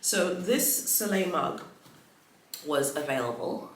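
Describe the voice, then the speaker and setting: A woman's voice: on the low side, animated, slow pace. A woman vlogger telling a story in a chatty, rambling way, full of fillers and restarts. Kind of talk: casual storytelling vlog. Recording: roomy echo.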